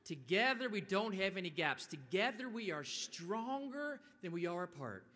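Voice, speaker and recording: A man delivers a motivational talk in a large atrium, his voice bright and forceful. His pitch sits a little high for a man, and his delivery is animated, rising into loud bursts when he quotes. A long reverb trails every phrase. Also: normal speed. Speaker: event speaker. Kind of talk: motivational speech. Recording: long echo of a large hall.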